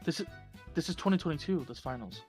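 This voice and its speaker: A man's voice: on the high side, expressive, quick pace, a little mellow, slightly rough, faint music behind. A young man chatting casually on a game stream, rambling and teasing with a playful manner. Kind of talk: casual gaming stream chat.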